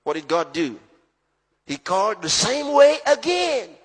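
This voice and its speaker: A preaching man with a high, husky voice. He delivers the sermon emphatically, rising to shouts and then dropping to low, hushed lines. His voice rings with the long reverb of a big hall. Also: sing-song, unhurried. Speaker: pastor.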